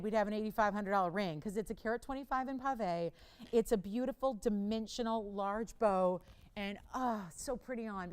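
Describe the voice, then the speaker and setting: Chatty woman shopping-channel host, smooth voice. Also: mid-range voice. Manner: chatty, bantering with crew, urgent sales patter. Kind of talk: live shopping sales pitch.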